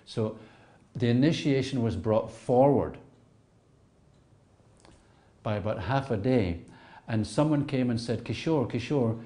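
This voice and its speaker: A man recalling a personal memory in a reflective, storytelling way, often repeating words and dropping to soft asides. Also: medium pitch, expressive, slow, long pauses.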